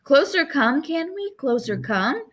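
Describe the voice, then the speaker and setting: A woman voicing a curious, eager giant cockroach leader that hisses slowly and jumbles its word order. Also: high-pitched, big pitch swings. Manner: slow, hissing, words in odd order.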